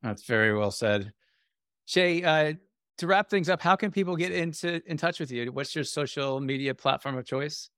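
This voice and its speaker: A man hosting a podcast interview, speaking in a measured, appreciative way with some fillers. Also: a little high, fairly bright tone, no echo, studio quality. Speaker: podcast host.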